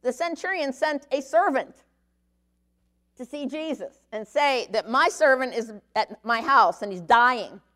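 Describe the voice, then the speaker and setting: A woman's voice: high voice, expressive, a little slow, a bit bright. Woman giving a chatty Bible lesson. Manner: conversational teaching, frequent "okay?" check-ins. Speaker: Bible teacher. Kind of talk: sermon.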